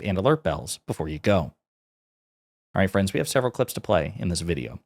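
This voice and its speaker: Brief: man delivering scornful, emphatic political commentary. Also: lowish voice.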